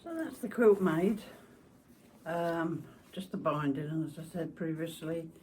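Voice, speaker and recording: A woman's voice: sits low, lively intonation, a little slow, slight background noise. An English woman with a rambling, chatty manner, talking casually to viewers while she machine-quilts. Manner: rambling, chatty, self-deprecating asides. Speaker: quilting channel host. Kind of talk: casual chat while sewing. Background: loud music and a whirring sewing machine.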